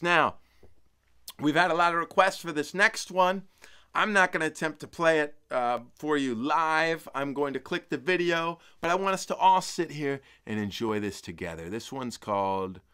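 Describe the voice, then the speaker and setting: A man hosting a casual weekly live stream from home as a polka band leader, talking in an upbeat, playful way with sudden jumps in pitch and loudness. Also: clear, resonant tone.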